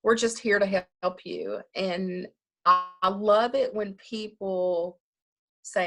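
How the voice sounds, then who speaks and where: A woman's voice: mid-range voice, slow, fairly bright tone. A woman funeral director talking casually in an interview, chatty, often laughing and acting out what people say.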